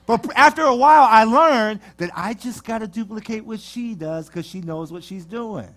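A man preaching a sermon, telling jokes and stories to his congregation in a lively, playful way. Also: high-pitched, normal speed. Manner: animated storytelling with jokes to the congregation. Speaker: pastor. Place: church sanctuary.

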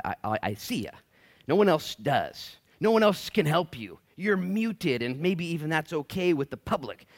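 A man's voice: mid-range voice, a bit bright. A male pastor preaching a casual verse-by-verse sermon in a church, slangy and acting out quoted voices.

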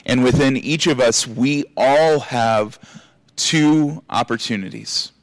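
Man, pastor, sermon, dry sound, animated delivery, middle pitch. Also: slow pace, no room sound. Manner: animated, acts out scolding and encouraging voices.

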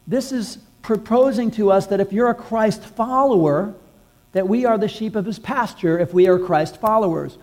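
High-voiced male pastor preaching. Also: normal speed. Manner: conversational preaching, drops to a hush at quiet points. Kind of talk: sermon.

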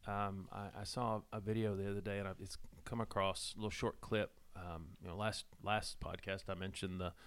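Low-voiced reflective man. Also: level tone, normal speed, few pauses, a bit bright, clean tone. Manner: reflective, searching for words. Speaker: podcast co-host. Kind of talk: casual chat.

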